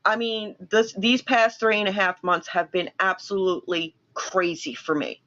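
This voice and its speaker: A woman hosting a casual live-stream chat, telling animated stories and acting out the voices of the people in them. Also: mid-range voice, normal speed, highs cut off. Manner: animated storyteller, acts out quoted voices. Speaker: host.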